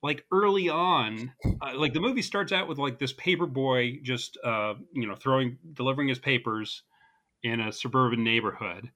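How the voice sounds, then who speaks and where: A man co-hosting a casual movie review podcast, talking in a relaxed, rambling way. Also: medium pitch, normal speed. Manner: relaxed, rambling, laughs easily. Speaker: podcast co-host.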